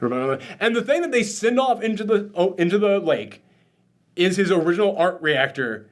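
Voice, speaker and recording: A man's voice: sits high, big pitch swings, moderate pace. A man hosting a spoiler discussion, emotional and choked up, gushing and swearing freely as he talks. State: tearful, choked up. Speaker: host.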